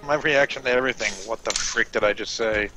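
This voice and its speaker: A man's voice: mid-range voice, fast talker, over music, poor audio. A young man hosting a gaming session over voice chat, teasing his friends in a goofy, showman-like way. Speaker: gaming channel host. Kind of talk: joking voice chat while gaming.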